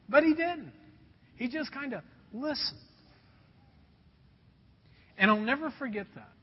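A man preaches with a very high, lively voice at normal speed, leaving long pauses and carrying a breathy edge. He's a pastor from Indiana, USA, telling an earnest personal story and addressing his listeners as folks. The audio is dull with a long hall reverb.

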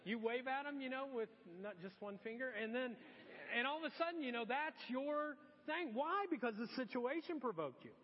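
A man's voice: very high voice, moderate pace, hardly any pauses, a little hiss or hum. A middle-aged male pastor preaching a sermon in a church, acting out exasperated asides. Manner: animated, acts out exasperated asides. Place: church auditorium. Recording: long church-hall reverb, dull lo-fi sound.

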